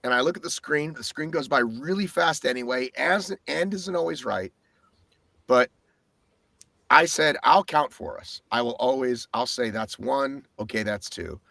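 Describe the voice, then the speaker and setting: A man co-hosting a podcast, telling his race story in a casual, animated way and swearing often. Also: medium pitch, unhurried, vocal fry, no echo. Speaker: podcast co-host.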